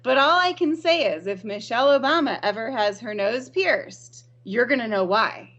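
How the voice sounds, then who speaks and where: A woman from Arizona, a teacher, telling stories in a podcast interview, lively and often laughing. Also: a little high, normal speed, highs cut off. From Arizona, USA. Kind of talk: storytelling in an interview.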